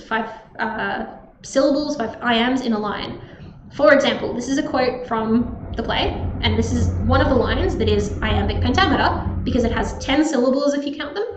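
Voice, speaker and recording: Woman tutor, casual explainer, slightly high, roomy sound with faint hiss. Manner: chatty, filler-heavy, stresses words in read quotes. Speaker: tutor presenting a text analysis lesson.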